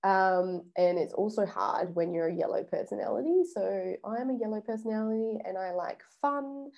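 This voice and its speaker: A woman's voice: mid-range voice, normal speed, gravelly, a little mellow, dull audio. A young woman vlogging casually about personal boundaries, chatty and swearing freely, acting out little quoted exchanges. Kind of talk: casual self-help vlog.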